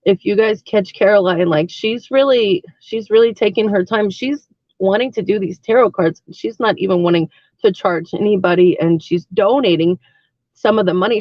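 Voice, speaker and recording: A woman's voice: medium pitch, dry recording. Rambling woman streamer, dull lo-fi sound. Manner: chatty and rambling, many fillers and likes. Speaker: live streamer. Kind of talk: casual live-stream chat.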